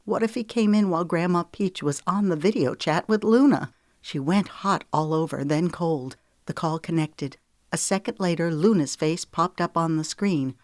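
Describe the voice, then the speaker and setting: A woman with a lowish voice narrating an audiobook in a measured, even pace. The recording is dry and close, with no room sound. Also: no room sound. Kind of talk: scripted storybook narration.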